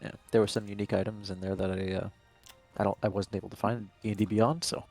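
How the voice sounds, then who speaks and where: A man playing a tabletop game, talking in a quick, rambling way with restarts. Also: on the low side, level tone, music in the background. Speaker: player. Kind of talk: casual tabletop game play.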